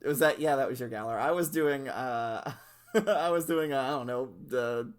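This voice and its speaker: A man's voice: mid-range voice, moderate pace, clear, resonant tone. A man hosting a casual comedic podcast chat, laid-back and chuckling, swearing casually as he talks. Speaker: podcast host.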